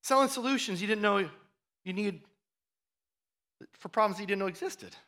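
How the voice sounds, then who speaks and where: A man preaching a sermon with a high, bright, forceful voice. He talks like he is chatting with his listeners, repeating and restarting words, then climbs into loud, worked-up stretches. His delivery swings between easy explanation and fired-up intensity. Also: moderate pace. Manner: animated preaching that rises to loud, fired-up bursts. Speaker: pastor.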